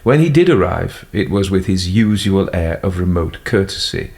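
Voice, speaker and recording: A man narrating a classic detective story in a measured storytelling manner. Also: low-pitched, very animated, darkish tone. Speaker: audiobook narrator. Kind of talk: scripted narration.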